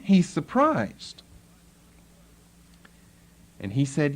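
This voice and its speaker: A man's voice: fairly high pitch, big pitch swings, slow, long pauses. A man teaching a Bible lesson, explaining the text and acting out the tone of the people he quotes. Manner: explanatory, acts out the tone of quoted speakers.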